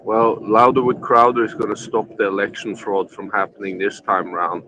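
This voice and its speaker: A man's voice: fairly low pitch, level tone, moderate pace, noisy background. A man hosting a casual livestream panel, rambling and swearing a lot, still drunk from the night before. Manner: profane, rambling, tipsy. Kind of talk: casual drinking chat.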